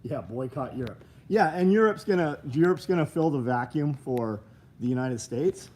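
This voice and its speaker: A man's voice: mid-range voice, expressive, normal speed, darkish tone. A man hosting a casual livestream, talking bluntly with lots of swearing, reading viewer names and plugging gear. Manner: blunt, profane, rambling. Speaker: livestream host.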